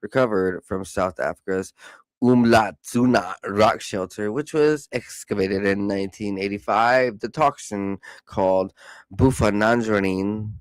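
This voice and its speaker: A man hosting a podcast, reading news articles aloud with casual joking asides, stumbling over hard words, and saying he is high. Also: a little slow, clean tone, dry recording. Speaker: podcast host.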